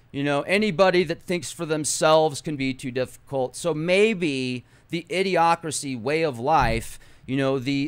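A man's voice: on the high side, clear, resonant tone. A man hosting a video, talking to his viewers in a rambling monologue full of rhetorical questions and fillers. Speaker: video host.

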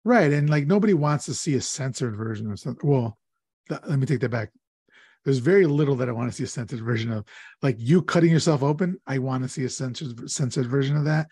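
A man's voice: mid-range voice, fast talker, a little mellow, husky, no echo, studio quality. A man hosting a podcast, chatting casually about a horror film in a rambling way, searching for words as he goes. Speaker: podcast host. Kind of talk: casual horror movie chat.

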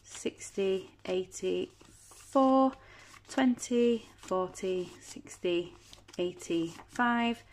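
A woman chatting casually at home as a budgeting vlogger, counting banknotes aloud in a steady patter. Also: mid-range voice, drawn-out words. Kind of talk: casual chat while counting cash.

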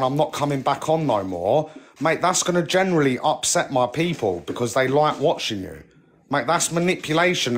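A young man venting angrily on a live stream, swearing and leaning on "mate" and "like". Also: on the high side. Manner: heated, swearing, repeats "mate" and "like". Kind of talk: angry rant on a live stream.

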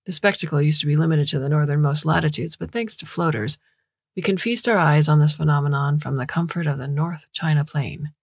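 A woman's voice: low-pitched, fairly even intonation, fairly quick, breathy edge, no room sound, clean studio sound. A woman voicing a proud young male meteorologist. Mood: presenting. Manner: flippant, mocking toward the bird.

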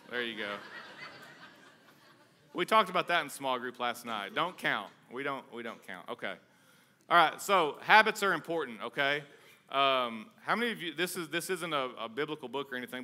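A man preaches to his congregation in a loose, chatty way, joking and pushing with energy. His voice is very bright and forward, sitting at an ordinary pitch for a man. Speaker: pastor. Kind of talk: conversational sermon.

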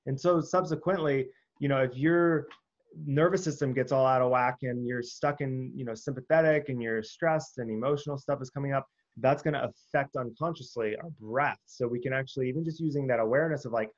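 A man's voice: mid-range voice, a little fast, dull audio. A man guesting on a wellness interview, explaining breathwork in an earnest, conversational way with fillers.

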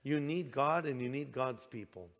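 A man's voice: mid-range voice, moderate pace, vocal fry, fairly bright tone, long reverb tail, a little hiss or hum. An older man, a pastor, preaching a sermon in a conversational way, slipping into quoted voices.

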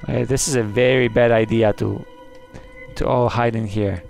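A jumpy, easily spooked man narrates his way through a scary game, gasping and crying out in alarm. His voice is gravelly with plenty of fry, and he talks at an unhurried pace. Faint game music plays behind him. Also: mid-range voice, steady tone, a little mellow. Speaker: gaming channel host. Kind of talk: let's play commentary.

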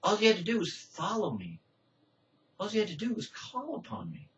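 A man preaching a sermon with passion, swinging from loud cries to hushed pleading in a church. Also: sits high, sing-song, normal speed, a little hiss or hum. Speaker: pastor. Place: church sanctuary. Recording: distant, muffled church recording.

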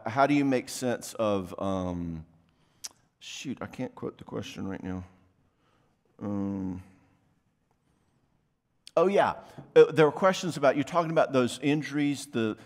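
Male conference speaker, mid pitch, easygoing talk, long hall echo. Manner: conversational, quick asides and acted-out quotes. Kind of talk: casual workshop talk. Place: church venue, live talk.

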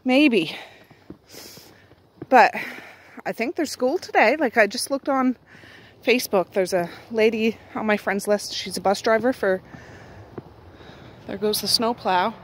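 A woman's voice: on the high side, a little slow, pauses often. Woman, middle-aged, Nova Scotian accent, casual home vlog, rambling chat. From Nova Scotia, Canada. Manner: chatty, rambling, self-correcting. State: out of breath. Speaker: vlogger. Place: outdoors in snow at dawn.

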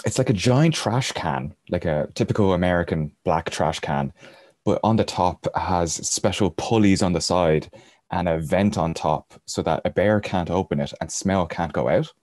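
Deep-voiced man telling travel stories. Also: moderate pace, darkish tone, no room sound, clean studio sound. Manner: rambling, chuckles through his anecdotes. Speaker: podcast guest. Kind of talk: casual storytelling.

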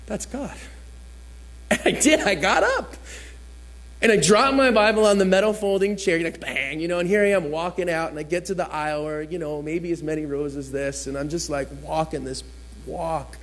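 A man's voice: fairly high pitch, fairly quick. A man giving a personal testimony in a church, telling his story vividly and acting out what people said. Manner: storytelling, acts out quotes with shifting voice. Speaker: guest speaker giving testimony.

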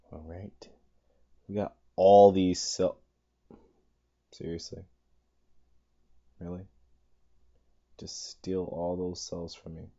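Mellow-voiced man coaxing through a game. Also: muffled recording. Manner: talks to the game, pleading and coaxing with lots of repetition; exasperated outbursts, voice jumping high when upset. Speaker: gaming channel host. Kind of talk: let's play game commentary.

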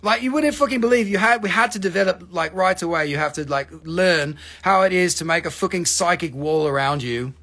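A man's voice: high voice, brisk, hardly any pauses, bright, forceful tone. A man hosting a live mineral sale, chatting casually with lots of swearing and rambling jokes. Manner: profane, rambling, joking. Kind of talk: casual live-stream selling chat.

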